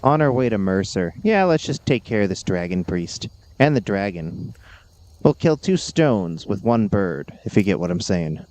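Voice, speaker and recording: Low-voiced man with animated gameplay banter. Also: moderate pace. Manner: jokey, animated. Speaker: gameplay host. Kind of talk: casual gameplay commentary.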